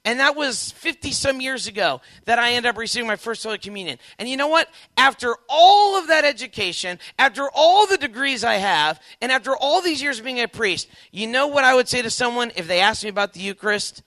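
Animated high-voiced man giving a testimony talk. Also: fairly quick, hardly any pauses, no room sound. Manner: animated, acts out quoted dialogue with big shifts in pitch and volume. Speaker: Catholic speaker addressing young people. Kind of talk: lively testimony talk to a youth audience.

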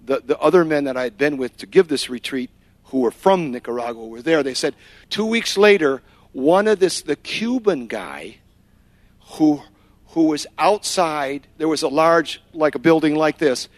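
Man preaching, storytelling, slightly high voice, dry close sound, switches into Spanish phrases. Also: animated, moderate pace, no echo. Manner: storytelling, acts out quotes. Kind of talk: sermon with personal testimony.

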